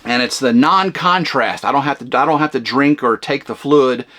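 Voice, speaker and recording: A man hosting a vlog, rambling casually at home in a camper cabin, loud and flamboyant with lots of fillers. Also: mid-range voice, normal speed. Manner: loud, big flamboyant talker. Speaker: vlog host.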